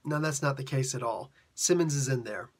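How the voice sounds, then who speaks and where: A man's voice: mid-range voice, brisk, close to an everyday voice. Man putting on a cruel hell demon. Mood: menacing. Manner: menacing interrogation.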